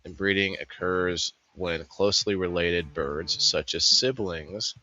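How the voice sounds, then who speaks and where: A deep-voiced man hosting a casual news chat, joking around and rambling between items. His voice is bright and forceful, and the recording is a little dull, with faint music underneath. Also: measured pace. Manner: jokey, rambling, puts on silly accents. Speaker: host.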